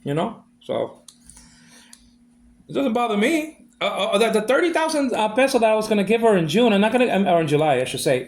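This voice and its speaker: Gravelly, animated man venting angrily. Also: high-pitched, a little fast. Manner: aggrieved, repetitive, ranting. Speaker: vlogger. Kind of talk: ranting monologue.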